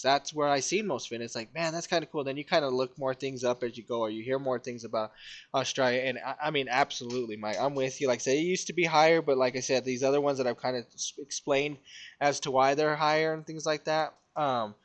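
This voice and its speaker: A young man hosting a casual podcast, upbeat and excitable, quick to agree with his co-host. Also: medium pitch. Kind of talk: casual chat.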